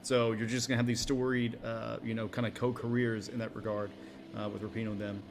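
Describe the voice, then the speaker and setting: A man with a mid-pitched voice rambles comfortably about sports on a casual podcast, with plenty of ums and uhs. Clear background noise runs under his voice. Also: fairly quick. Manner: relaxed and rambling, with many fillers. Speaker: podcast co-host.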